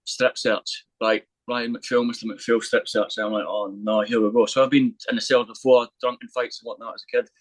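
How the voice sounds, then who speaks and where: Fast-talking man telling a story. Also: medium pitch, no room sound, low-quality recording. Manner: swearing, animated anecdote with quoted voices. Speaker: podcast guest. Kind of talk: casual storytelling.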